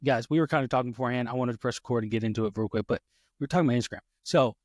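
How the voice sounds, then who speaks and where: An American man hosts a casual podcast in a mid-range voice, talking very fast. He rambles and pokes fun at himself, restarting often and using plenty of fillers, and the recording is clean studio audio with no room sound.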